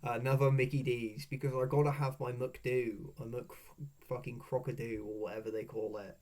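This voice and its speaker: A young man recounts his road trip in a loose, chatty voice-over. He swears freely and laughs at his own stories. His voice sits at an ordinary middle pitch. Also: level tone, fairly quick, a little mellow. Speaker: vlogger. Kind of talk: casual storytelling voice-over.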